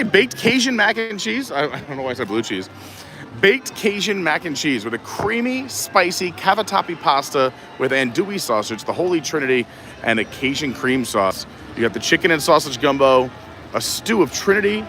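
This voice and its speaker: Bright-voiced upbeat man vlogging outdoors. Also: mid-range voice, slight background noise. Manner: upbeat, reads menu boards aloud. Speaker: vlogger live-streaming a theme park. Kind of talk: casual walking commentary. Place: outdoor theme park festival.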